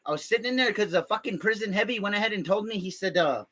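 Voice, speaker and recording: High, sharp-voiced man rambling crude jokes. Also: quick pace. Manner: crude, rambling, heavy profanity, constant filler "man". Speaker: comedy vlogger. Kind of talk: improvised comic storytelling.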